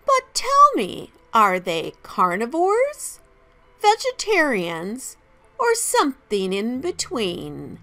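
A woman's voice: on the high side, wildly swooping pitch, slow pace, sharp tone, no room sound, faint music behind, full character voice. A woman voicing a teasing, gleeful Halloween witch in a sing-song storybook voice. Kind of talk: storybook character voice.

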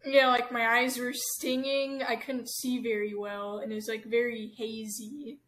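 A young woman answering interview questions in a halting way, with many fillers. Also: fairly high pitch, level tone, a bit bright, a little hiss or hum. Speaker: guest.

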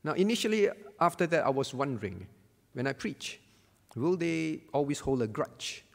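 A man's voice: a little high, sing-song, moderate pace, vocal fry, big-room sound. A man pastor giving a Bible lesson sermon, emphatic and repeating key phrases to drive them home.

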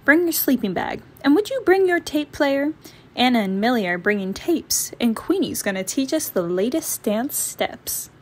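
A woman's voice: sits high, sing-song, moderate pace, darkish tone, slight background noise. A woman voicing a chatty, bossy little girl bear cub in a storybook read-aloud. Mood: excited. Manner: chatty, planning.

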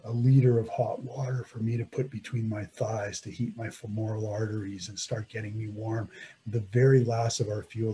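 A man vividly recounting his own mountain ordeal in dramatic first-person storytelling, swinging between loud emphasis and hushed tones. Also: fairly low pitch, a little hiss or hum.

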